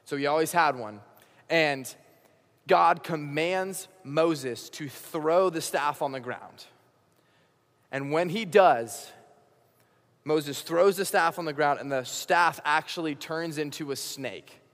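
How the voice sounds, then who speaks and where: A young male pastor preaching to a youth crowd, his voice pitched high for a man and full of animated, casual storytelling. The sound rings with a long hall reverb. He slips into quick acted-out dialogue as he retells the story. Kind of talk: youth sermon.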